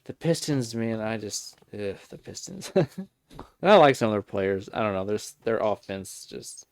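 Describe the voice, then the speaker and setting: Low-voiced man in easygoing sports chat. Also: lively intonation, moderate pace, no echo. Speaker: podcast co-host.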